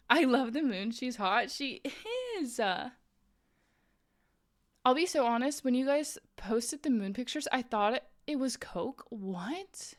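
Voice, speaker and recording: A chatty young woman talks to her live chat in a slightly high voice. She rambles with lots of fillers and laughs often. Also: lively intonation, measured pace. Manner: laughs often while telling a story. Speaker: streamer.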